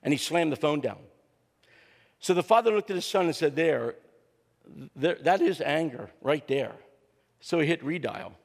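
A man's voice: fairly high pitch, lively intonation, moderate pace, creaky, pauses often. An older man preaching a humorous sermon, telling stories and acting out what people said, with a joking, easygoing manner. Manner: joking storyteller, acts out quotes. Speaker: guest preacher and counselor. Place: church sanctuary. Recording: long hall reverb in church.

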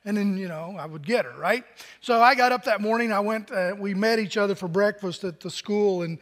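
Male pastor, 60s, high voice, chatty storytelling sermon, long church-hall reverb. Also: brisk, fairly bright tone. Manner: storytelling, conversational, with fillers and asides.

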